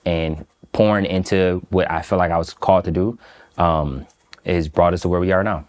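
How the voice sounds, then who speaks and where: A man from Detroit, a food critic talking as a guest, speaking slowly in a calm, relaxed, fairly monotone way. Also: low voice. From Detroit, USA. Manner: slow, calm, monotone delivery; relaxed, laughs easily. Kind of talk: casual interview chat.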